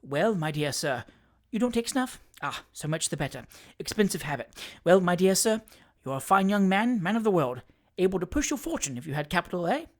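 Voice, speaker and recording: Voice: mid-range voice, sing-song, a little fast, natural voice. A narrator voicing Perker, a fussy little attorney. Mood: coaxing. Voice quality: soothing, wheedling, keeps repeating "my dear sir". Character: bustling, fussy little male attorney, ingratiating. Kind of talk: audiobook character reading.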